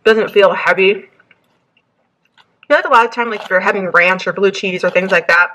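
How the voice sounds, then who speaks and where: A woman's voice: medium pitch, brisk, bright, forceful tone, slight background noise. Chatty woman vlogging her meals. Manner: chatty and upbeat, narrating meals and errands with fillers. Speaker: lifestyle vlogger. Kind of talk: casual what-I-eat chat to camera. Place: in a parked car.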